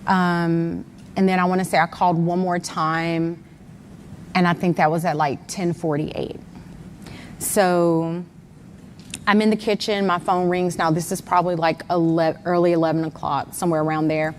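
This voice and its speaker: Woman recounting events in an interview, step-by-step and detailed, low-ish; echoey hall recording with faint noise. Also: level tone, normal speed. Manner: detailed, step-by-step retelling with times. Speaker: mother of a missing son.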